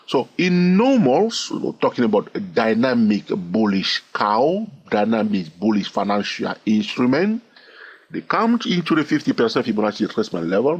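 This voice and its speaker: Husky, animated male trading teacher. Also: mid-range voice, highs cut off. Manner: repetitive, keeps asking "all right?"; counts wave numbers aloud in a sing-song way. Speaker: trading instructor. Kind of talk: recorded chart lesson.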